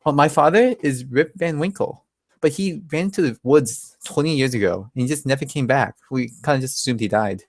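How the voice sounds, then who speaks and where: A grown daughter explains her family's fate in a plain, matter-of-fact way, as a man puts her on. The voice stays near an ordinary male pitch and sounds dry and close. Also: a little fast, no room sound, natural voice.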